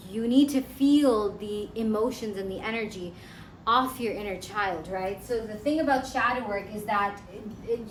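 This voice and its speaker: A woman's voice: mid-range voice, a little hiss or hum. A woman coaching viewers in a self-help lesson, talking earnestly and conversationally and often repeating herself. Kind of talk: instructional talk to camera. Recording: echoey room with faint ambience.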